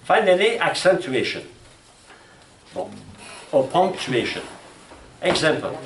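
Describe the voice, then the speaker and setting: A man from France with a French accent, giving a classroom lecture on logic, speaking haltingly with restarts and asking "huh?" and "you know?". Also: lowish voice, lively intonation. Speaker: logic instructor. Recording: echoey room from far off, faint noise.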